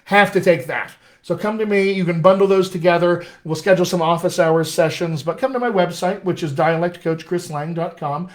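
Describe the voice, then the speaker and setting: A man's voice: high-pitched, steady tone, fairly quick, hardly any pauses. A man with an American accent, teaching as a dialect coach in a chatty, enthusiastic live-stream question session.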